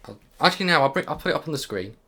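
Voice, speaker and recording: A man's voice: on the high side, expressive, rapid-fire, a crowd in the background. A young British man co-hosting a casual football podcast, self-mocking and laughing easily. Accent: British English. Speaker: podcast co-host. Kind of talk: casual chat.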